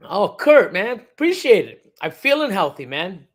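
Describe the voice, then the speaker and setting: A man's voice: high-pitched, sing-song, moderate pace. A middle-aged man hosting a casual livestream, rambling with many fillers and restarts as he reads the chat. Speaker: reptile breeder hosting a livestream.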